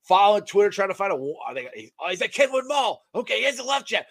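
A man hosting a casual sports talk show, excitable, laughing often and tripping over his words. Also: high-pitched, fast, creaky, hardly any pauses. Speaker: sports podcast host.

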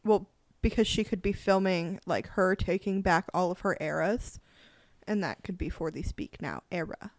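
A woman's voice: on the low side, moderate pace, dry recording. A woman co-hosting a casual podcast chat, laid-back and skeptical with short replies. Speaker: podcast co-host.

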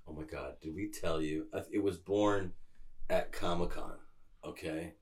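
A man's voice: sits low, steady tone, unhurried, darkish tone. A man hosting a casual podcast chat, telling stories animatedly with laughs and casual swearing. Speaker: podcast host.

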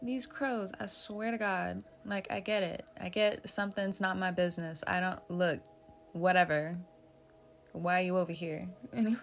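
A woman's voice: lowish voice, fairly even intonation, moderate pace, vocal fry, soft background music. A woman giving a casual tarot reading, chatty and joking, laughing often and swearing now and then. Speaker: tarot reader.

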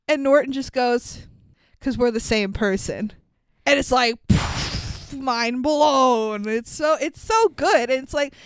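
A young woman co-hosting a casual movie podcast, animated and swearing freely. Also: on the high side, clear, resonant tone, dry recording. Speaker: podcast co-host.

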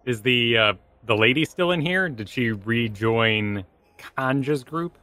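Bright, dry-sounding male player. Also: medium pitch, lively intonation, slow pace, no echo. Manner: short, matter-of-fact replies. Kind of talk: tabletop role-play.

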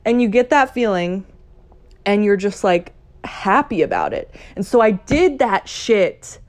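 A young adult woman hosting her own podcast, talking casually and playfully, cussing and acting out excited voices. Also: mid-range voice, measured pace. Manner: chatty, profane, playful, mimics excited voices. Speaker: podcast host. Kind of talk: casual solo podcast talk.

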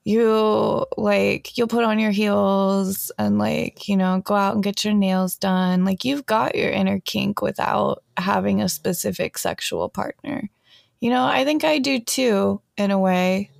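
A woman's voice: medium pitch, steady tone, unhurried, vocal fry, no room sound, clean studio sound. A young woman co-hosting a podcast, telling stories in a chatty way full of "like". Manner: chatty, storytelling with lots of "like". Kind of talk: casual chat.

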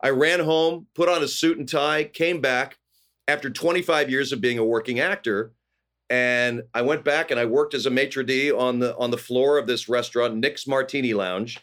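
A middle-aged man from California, a guest actor telling animated stories in casual conversation, often acting out quoted voices. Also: mid-range voice, normal speed. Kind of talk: casual storytelling.

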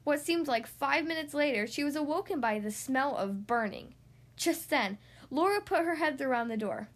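A woman reads a children's picture book aloud, narrating with an expressive, animated lilt. Her voice is notably high. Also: normal speed. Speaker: reader. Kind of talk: reading a storybook aloud.

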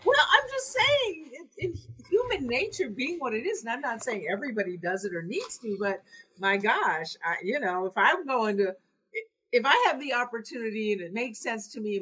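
A woman from the United States co-hosting a podcast, making her points in casual chat, emphatic and opinionated, her pitch swooping up high at times. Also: expressive, brisk, fairly bright tone, slightly rough. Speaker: podcast co-host.

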